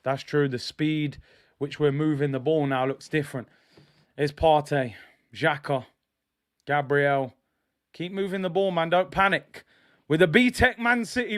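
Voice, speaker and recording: Excitable football streamer. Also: male voice, a little high, measured pace, pauses often. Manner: animated fan, shouts and exclaims when play goes wrong. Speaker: football watch-along streamer. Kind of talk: live match commentary and fan reactions.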